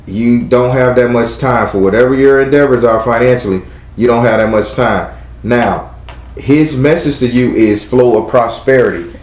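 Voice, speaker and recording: A man's voice: mid-range voice, moderate pace, a little mellow, reverberant, rough recording. A man with a Southern US accent giving a live tarot reading to a caller, blunt and chatty, talking aloud to spirits as he goes. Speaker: tarot reader.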